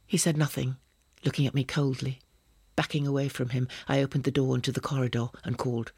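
A man narrating a story in a measured, even audiobook reading. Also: mid-range voice, gravelly, breathy edge, no echo, clean studio sound.

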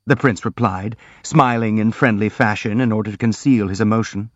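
Calm male audiobook narrator. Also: fairly low pitch, normal speed, no room sound. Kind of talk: scripted narration. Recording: dry, dull lo-fi sound.

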